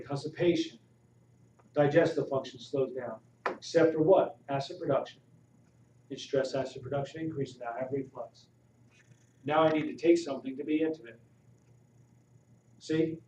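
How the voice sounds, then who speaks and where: A man giving a live health talk to an audience, asking them questions with animated emphasis. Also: on the high side. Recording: roomy, distant, dull audio with faint noise.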